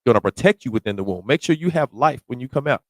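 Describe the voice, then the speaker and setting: A man preaching through a psalm verse by verse, close to the mic in a dry, deadened space. He reads the old scripture slowly and deliberately, then breaks it down in loose, slangy everyday talk that sometimes climbs to a shout. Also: mid-range voice, lively intonation, no room sound. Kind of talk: verse-by-verse sermon.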